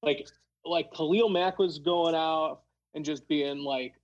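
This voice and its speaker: A man's voice: fairly high pitch, steady tone, takes it slowly, lo-fi sound. A young man chatting casually about football as a podcast co-host, rambling with lots of fillers. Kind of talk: casual sports chat.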